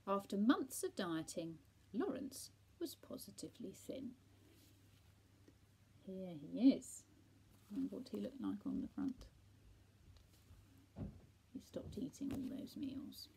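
A woman teacher reading a bedtime story aloud, with soft, half-whispered asides to children. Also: medium pitch, very animated, slow, gravelly, pauses often, breathy edge, poor audio.

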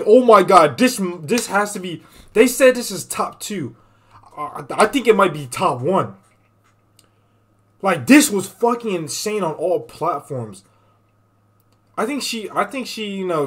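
A man streaming a reaction to a video, talking in a casual, animated and profane way, often restarting his sentences. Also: on the high side.

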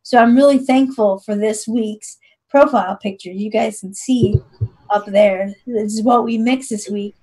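A woman's voice: fairly high pitch, a little slow, mellow, poor audio. A woman from Ohio co-hosting a casual chat, upbeat and laughing easily. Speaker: podcast co-host.

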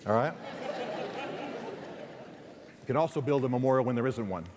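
Male preacher, texan accent, lively storyteller, mid pitch, long hall echo. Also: a crowd in the background, background noise. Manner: storytelling, animated, quick asides and restarts. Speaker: guest speaker. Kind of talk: chapel sermon. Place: large hall.

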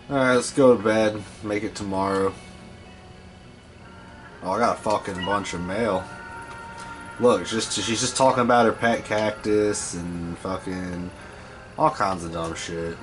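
A man's voice: on the low side, unhurried, long pauses, music in the background. A man giving profane, scolding commentary while playing a video game. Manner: foul-mouthed, scolding the game creatures. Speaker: gameplay host.

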